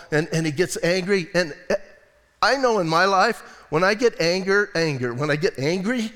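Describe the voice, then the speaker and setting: A man preaching in a church, his voice pitched high and carried by a long reverb off the hall. He talks casually and jokes, often asking his listeners questions as he goes. The tone is relaxed and chatty rather than formal. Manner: casual, joking, asks the congregation questions. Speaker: pastor. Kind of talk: sermon. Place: church sanctuary.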